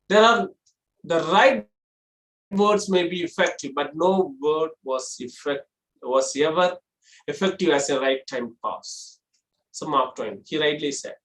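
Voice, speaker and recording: A trainer gives a classroom lecture on public speaking, explaining step by step and posing rhetorical questions before answering them. The medium-pitched voice is reverberant, and the audio quality is poor.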